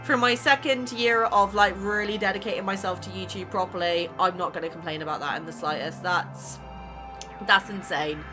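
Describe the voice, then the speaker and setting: A woman casually chatting as a YouTube creator, excitable and full of exclamations as she goes over her channel. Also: medium pitch, moderate pace, music in the background. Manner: excitable, exclaiming, laughs between remarks. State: emotional, near tears. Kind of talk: casual vlog chat reviewing channel stats.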